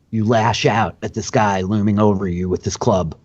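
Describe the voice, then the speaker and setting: A young man hosts and runs a tabletop game, his voice fairly low and husky. He talks through rules casually, leaning on fillers as he goes. The sound is dull and lo-fi, like an online call. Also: normal speed. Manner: relaxed, filler-heavy explaining of rules. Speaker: dungeon master and host.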